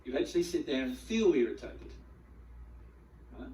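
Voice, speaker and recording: A man giving a spiritual teaching talk to a group, animated, acting out the feelings he describes and often repeating words as he goes. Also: mid-range voice, normal speed, slight background noise. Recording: echoey room, mic at a distance.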